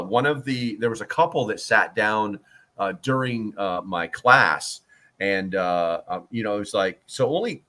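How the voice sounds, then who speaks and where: A lowish-voiced man chatting casually on a livestream, rambling and jokey. He stumbles through fillers and restarts as he reads out the chat. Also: a bit bright. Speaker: prepper livestream host.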